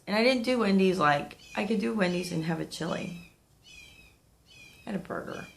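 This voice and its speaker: Deep-voiced with vocal fry, this woman in her thirties vlogs casually to camera while sick and sniffling, rambling candidly. Slight background noise is present.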